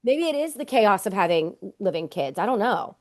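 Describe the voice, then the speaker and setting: A woman's voice: mid-range voice, lively intonation, normal speed. A woman hosting a podcast, talking candidly and casually, often trailing off with fillers. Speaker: podcast host. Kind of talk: casual conversation.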